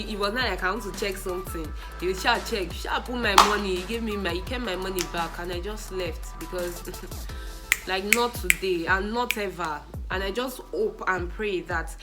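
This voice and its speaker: A young woman with a Nigerian accent telling funny personal stories in a casual vlog, animated and often laughing. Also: mid-range voice, moderate pace, loud music behind the voice, low-quality recording. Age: young adult. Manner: animated, laughing, mixes in pidgin and Yoruba exclamations. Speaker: vlogger.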